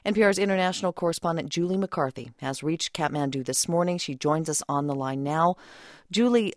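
A woman news anchor with a fairly low voice reads the headlines and puts questions to a correspondent. Her delivery is measured and composed, recorded close and dry in a studio. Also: no room sound. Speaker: news host. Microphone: studio mic.

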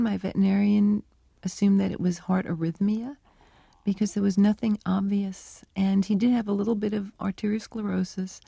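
A woman scientist answers interview questions in a reflective, storytelling way. Her voice is gravelly and mellow, and the recording is dry and close. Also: mid-range voice, dry recording. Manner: reflective, conversational, with fillers. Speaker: animal cognition researcher, guest.

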